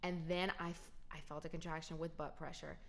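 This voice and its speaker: A woman's voice: sits low, flat delivery, a little fast, gravelly, a little hiss or hum. A young adult woman telling a personal story to her viewers in a casual, emphatic way. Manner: emphatic, talks straight to viewers. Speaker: vlogger.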